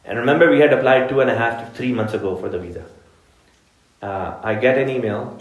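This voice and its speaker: A man giving an evening religious lesson at a mosque, telling stories in a relaxed, conversational way and speaking directly to his listeners. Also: medium pitch, brisk, a little hiss or hum. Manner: relaxed anecdotal storytelling, addressing the audience directly. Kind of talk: conversational religious talk, storytelling. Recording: echoey room.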